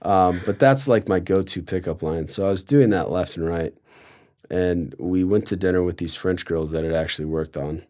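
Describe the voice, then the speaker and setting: Young man, very low voice, rambling sarcastic storyteller stuffed with fillers. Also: moderate pace, darkish tone. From Colorado. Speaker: guest storyteller. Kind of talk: casual storytelling.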